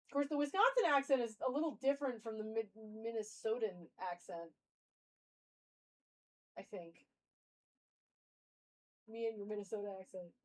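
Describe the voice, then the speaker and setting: A woman's voice: a little high, low-quality recording. A young woman streamer musing aloud in casual live-stream chat.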